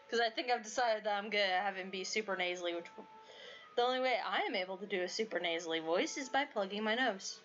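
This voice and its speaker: A woman's voice: medium pitch, brisk, fairly bright tone. A woman in casual, chatty commentary as she plays a visual novel, giggling at the story. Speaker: video game let's player. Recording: dull lo-fi audio, faint music.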